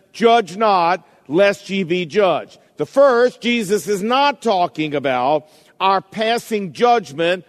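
Slow, high-voiced preaching man. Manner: deliberate, emphatic preaching with rhetorical questions. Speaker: pastor. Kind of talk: sermon. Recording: long hall reverb.

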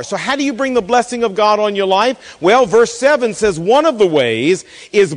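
A man's voice: sits high, long reverb tail. A man preaching a sermon, telling a story and acting out the voices of the people in it. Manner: storytelling, animated, acts out quoted voices. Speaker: pastor.

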